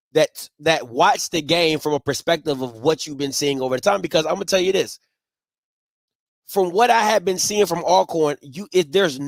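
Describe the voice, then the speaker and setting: Man, high voice, excitable sports host, repeats himself, dry close sound. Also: no room sound. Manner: excitable, repeats and restarts, shouts. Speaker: postgame show host. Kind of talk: animated sports call-in talk.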